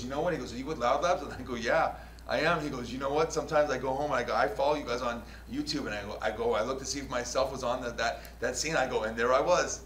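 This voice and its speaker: A man, hosting a casual talk show and telling a rough street story full of swearing. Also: medium pitch. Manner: profane, storytelling, laughs often. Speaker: show host and news videographer. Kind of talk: casual podcast chat. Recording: echoey room with faint noise.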